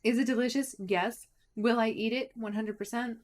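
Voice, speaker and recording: Chatty woman streamer, slightly high. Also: steady tone, normal speed. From United States. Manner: chatty, asks herself rhetorical questions. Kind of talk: casual livestream chat while gaming.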